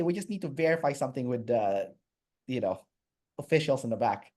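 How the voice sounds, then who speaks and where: A man's voice: mid-range voice, animated, fairly quick, dark tone. A man from Canada, a guest in a casual interview, telling a travel story with many fillers and restarts.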